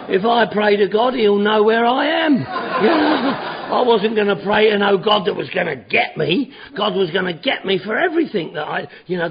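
A middle-aged man giving an animated personal talk at a recovery meeting, acting out his old self in his stories. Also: high-pitched. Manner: animated storytelling, acts out his own past shouting. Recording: dull lo-fi recording.

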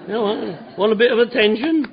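High-voiced man telling a rowdy story. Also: fairly quick, noisy background. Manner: animated storyteller, acts out dialogue, swears freely. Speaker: speaker sharing his recovery story. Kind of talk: storytelling talk to a recovery meeting. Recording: dull lo-fi recording with a murmuring crowd.

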